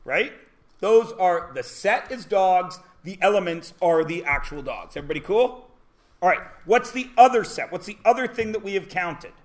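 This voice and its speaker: A man teaching a math class in a classroom, lecturing in a high voice. His pitch leaps and dives as he jokes and rants, now and then bursting into a shout. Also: expressive, moderate pace. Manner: loud, joking rants with sudden shouts.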